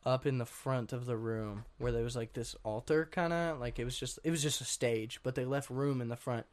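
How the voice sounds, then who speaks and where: A young man, a guest on an interview show, telling his story in a rambling, casual way, full of fillers and frequent throat clearing. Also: medium pitch, brisk. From Washington state. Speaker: guest artist.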